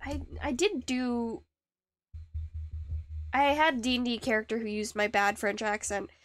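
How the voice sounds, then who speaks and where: A woman with a high voice chats on a live stream while she carves. She rambles and stops herself with fillers. The sound is close and dry, with faint music behind her. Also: steady tone, measured pace, fairly bright tone, no room sound. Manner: rambling, self-deprecating, hesitant with many fillers. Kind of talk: casual live-stream chat while woodcarving.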